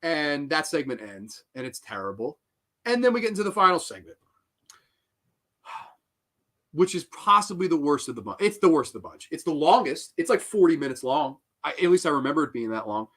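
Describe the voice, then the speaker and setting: A male horror show host in full rant mode, his voice bright and cutting. He swears constantly, rambles through his points and keeps breaking into laughter as he tears apart a film he despises. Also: a little high, sing-song, moderate pace. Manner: profane, heated, rambling, with bursts of laughter. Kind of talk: angry film review rant.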